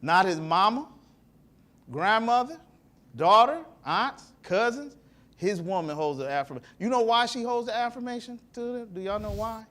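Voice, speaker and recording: A man's voice: sits high, animated, normal speed, bright, forceful tone. A male talk show host who retells a story in a preachy way and keeps asking his audience questions. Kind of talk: animated talk to a live audience.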